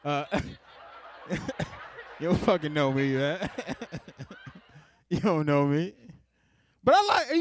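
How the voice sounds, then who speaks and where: Young guy doing standup, kinda high voice, dry close sound, chuckles a lot, drags out the punchlines. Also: sing-song, a little mellow, clear, resonant tone, no echo. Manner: laid-back, chuckles between jokes, drawn-out punchlines. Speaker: stand-up comedian. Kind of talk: stand-up comedy set.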